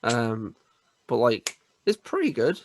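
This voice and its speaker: A man's voice: medium pitch, wildly swooping pitch, takes it slowly, a little hiss or hum. A young man co-hosting a podcast in casual chat, who stammers and laughs often. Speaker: podcast co-host.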